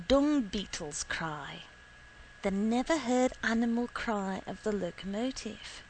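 A woman reading a literary short story aloud in a measured, deliberate way. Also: mid-range voice, animated, darkish tone, a little hiss or hum, poor audio. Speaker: reader.

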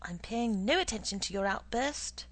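A woman's voice: medium pitch, expressive, normal speed, natural voice, poor audio. A woman reading the part of a stingy, stern middle-aged husband who lectures in a dry voice. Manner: dry, lecturing, penny-pinching.

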